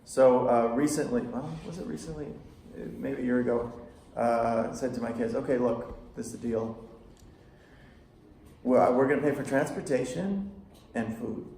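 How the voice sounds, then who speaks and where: Middle-aged man, gravelly voice, animated storytelling, echoey school room. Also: mid-range voice, moderate pace, long pauses, slight background noise. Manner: anecdotal, animated storytelling with acted-out quotes and laughter. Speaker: psychotherapist leading a parent workshop. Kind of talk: casual workshop talk to parents.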